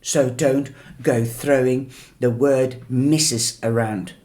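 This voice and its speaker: A man voicing a defiant, sharp-tongued teenage girl who snaps her lines fiercely in a storybook reading. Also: steady tone, slow, close to an everyday voice. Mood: snappish. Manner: fierce, shrill and snappish.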